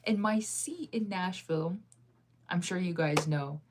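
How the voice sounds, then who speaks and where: A young woman vlogging at home in a low-ish voice, chatting casually to her viewers. She rambles and second-guesses herself, talking in loose, looping thoughts with frequent laughs. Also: measured pace, noisy background. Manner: rambling, indecisive, laughing often.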